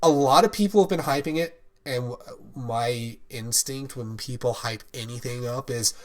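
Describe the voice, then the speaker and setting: A man's voice: mid-range voice, moderate pace. A young man co-hosting a casual podcast chat, rambling and upbeat, swearing casually as he talks. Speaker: podcast co-host.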